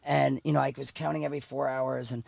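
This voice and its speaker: A man's voice: medium pitch, little pitch movement, fast talker, vocal fry, no room sound. A middle-aged man talking as a podcast guest, telling a candid story in a rambling way with many restarts. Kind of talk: casual storytelling chat.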